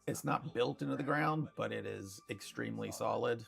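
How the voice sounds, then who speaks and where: A man narrating as game master in a relaxed, unhurried way, pausing on fillers as he describes the scene. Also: medium pitch, creaky, over music.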